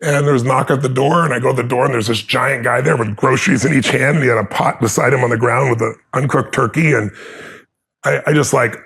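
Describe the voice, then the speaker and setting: A man's voice: mid-range voice, quick pace, creaky, fairly bright tone, husky. A man telling his life story in an earnest, emphatic motivational way.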